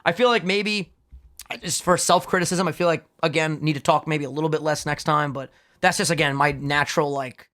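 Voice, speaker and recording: A young man co-hosting a casual podcast, hyped and swearing often in quick banter. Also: fairly high pitch, fairly even intonation, a bit bright. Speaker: podcast co-host.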